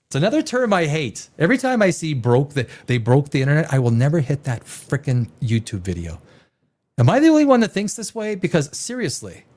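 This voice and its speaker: A man's voice: fairly high pitch, wildly swooping pitch, a little fast, darkish tone. A man hosting a live stream, reacting to headlines with sarcastic, rambling casual commentary.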